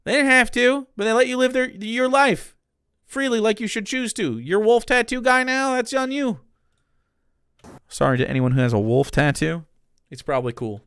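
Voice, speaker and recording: A man's voice: very high voice, lively intonation, normal speed, fairly bright tone, clear, resonant tone, no room sound, studio quality. A man streaming, reacting to a video with exasperated, profane casual commentary and frequent laughter.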